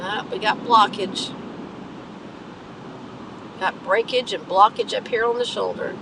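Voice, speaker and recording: A woman with a gravelly, creaky voice talks casually to her live-stream viewers as she drives, greeting them by name and commenting on traffic. Steady road noise from the moving car runs clearly underneath her voice. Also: mid-range voice, a little slow. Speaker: livestream host. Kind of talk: casual live-stream chat while driving.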